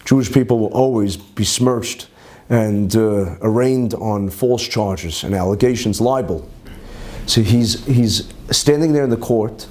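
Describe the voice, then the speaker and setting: A man, a rabbi, teaching a class and telling stories with animated delivery. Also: mid-range voice, a little hiss or hum. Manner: animated, quotes figures in raised voices. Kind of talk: Torah class with storytelling.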